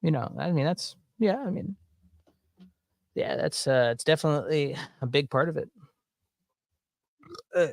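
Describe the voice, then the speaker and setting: A man's voice: fairly high pitch, expressive, a little slow, creaky, long pauses, dry recording, clean studio sound. Rambling Southern man reacting casually. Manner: rambling, filler-heavy, laughs often. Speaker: streamer reacting to videos. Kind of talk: casual watch-along commentary.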